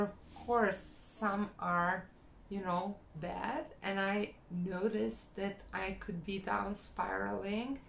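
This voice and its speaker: Woman vlogger, frank self-help talk, slow and measured, roomy echo. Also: mid-range voice. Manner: unhurried, frank, repeats phrases for emphasis. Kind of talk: casual motivational talk to camera. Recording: echoey room with faint background hum.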